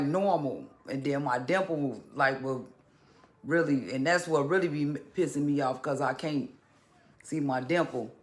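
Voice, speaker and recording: A man talking casually to camera in a vlog, halting and restarting, with occasional stutters. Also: fairly high pitch. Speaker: vlogger.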